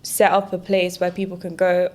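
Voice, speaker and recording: A woman's voice: on the low side, monotone, normal speed, darkish tone. Chatty young woman. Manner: chatty, rambling with "like". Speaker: podcast co-host. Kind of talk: casual chat.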